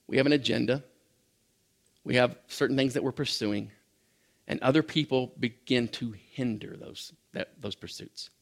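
A man's voice: medium pitch, vocal fry. A middle-aged man preaching a sermon in a conversational way, with frequent restarts and small laughs. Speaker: pastor.

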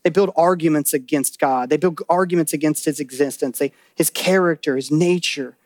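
A man with a notably high voice delivers a church sermon, close and dry with no room sound. He talks animatedly, acting out little quotes and voices, then sinks into a lower, grave tone for warnings. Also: moderate pace, a little mellow, no room sound. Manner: drops to a low, serious tone for warnings. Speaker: pastor.

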